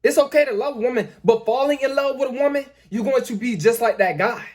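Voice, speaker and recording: A man's voice: very high voice, fast talker, a little mellow. A man hosting a dating-advice talk, lecturing emphatically, repeating his points and addressing his viewers as guys. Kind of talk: lecturing commentary.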